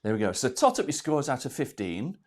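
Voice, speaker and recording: A man's voice: mid-range voice, sing-song, a little fast. A man hosting a live online quiz from home, out of breath, chatty and self-deprecating as he reads out questions and answers. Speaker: quiz host.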